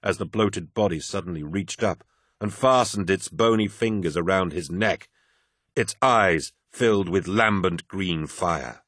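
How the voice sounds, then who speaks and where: A man with a very deep voice reads an audiobook in a steady, dramatic way. His tone is forceful and the recording is dry and close, with no room sound. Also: unhurried, dry recording. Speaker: audiobook narrator. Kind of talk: scripted audiobook narration.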